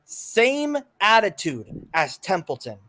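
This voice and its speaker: A man's voice: high voice, big pitch swings, takes it slowly, bright, forceful tone, no room sound, low-quality recording. A young man in a heated one-on-one conversation, guarded and hesitant, asking to be heard out. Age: young adult. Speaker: guest in a confrontation.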